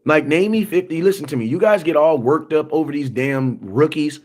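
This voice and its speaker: A man's voice: on the high side, moderate pace, darkish tone. A man hosting a sports livestream, ranting emphatically in slangy, repetitive talk and answering viewer comments. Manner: emphatic and repetitive, slangy, often asks "you know what I'm saying". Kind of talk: animated livestream rant.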